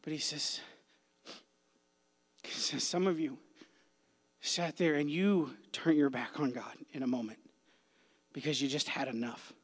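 A man preaching a youth sermon as a pastor, impassioned, swinging between hushed whispers and loud cries. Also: fairly high pitch, fairly even intonation, unhurried, long pauses, breathy edge. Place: church sanctuary. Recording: long hall reverb.

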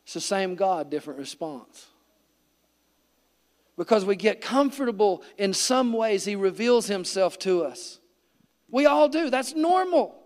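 A man's voice: high-pitched, very animated, measured pace, big-room sound. A man preaching a sermon in a church, telling his story earnestly and vividly. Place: church sanctuary.

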